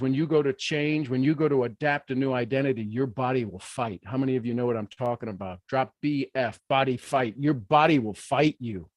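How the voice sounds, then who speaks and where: Animated man giving a motivational talk. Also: a little high, dry recording, clean studio sound. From Ohio. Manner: animated, folksy, playful asides. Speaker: motivational speaker.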